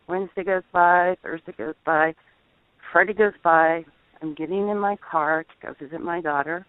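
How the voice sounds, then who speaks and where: A woman's voice: on the low side, clear, resonant tone, dry recording. Earnest woman caller on a tinny phone line. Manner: earnest, halting storytelling. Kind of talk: personal testimony.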